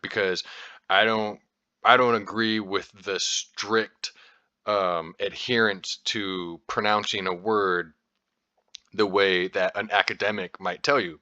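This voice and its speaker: An American podcast host talks casually in an informal explanatory ramble, with lots of fillers and restarts and the odd swear word. His voice is fairly low and sharp in tone. The lo-fi sound has no echo.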